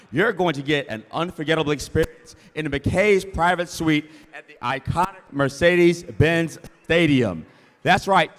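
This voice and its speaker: A man emceeing a charity auction, rapidly repeating bids and hyping the crowd in a large event hall. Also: fairly high pitch, fairly bright tone. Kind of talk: live auction calling. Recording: reverberant hall from a PA.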